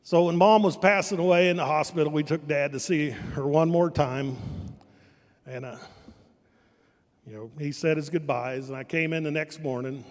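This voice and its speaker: An older man from Kansas, giving a humorous speech as a family member, tells deadpan family anecdotes at a moderate pace, correcting himself mid-sentence. His voice is high for a man, and the long echo of a large, reverberant event hall surrounds it.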